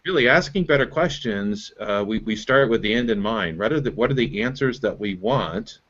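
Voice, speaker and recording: A man's voice: lowish voice, animated, moderate pace, a bit bright, lo-fi sound. A man hosting as a business coach, explaining methods step by step and checking in with "right?". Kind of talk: coaching conversation on a call.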